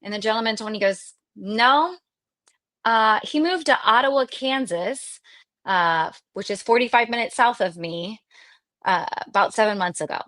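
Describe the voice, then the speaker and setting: A woman from Texas, a podcast guest, telling a story in casual interview chat, animated and extroverted, acting out the voices of the people she quotes, with lots of fillers. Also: on the high side, normal speed, dry recording. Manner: animated, lively retelling with quoted dialogue and frequent fillers; extroverted and talkative.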